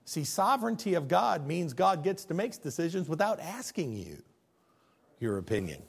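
A man preaching a sermon as pastor, in a lively, conversational way, acting out the people he quotes. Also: on the high side, normal speed, gravelly, breathy edge. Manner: animated, conversational preaching that acts out quoted figures.

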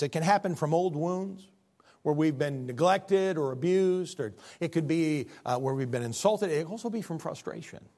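A male pastor delivers a sermon with a fairly high voice that rises and falls dramatically. He tells stories with animated energy, climbing into loud, excited runs and then dropping to hushed, low lines. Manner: animated storytelling, swinging between loud bursts and quiet lows.

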